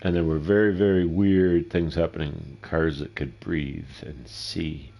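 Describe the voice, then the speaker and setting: A man's voice: extremely low pitch, steady tone, unhurried, vocal fry, dark tone. A middle-aged man giving casual, rambling, profane commentary while streaming a game, often talking to himself. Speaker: gameplay streamer.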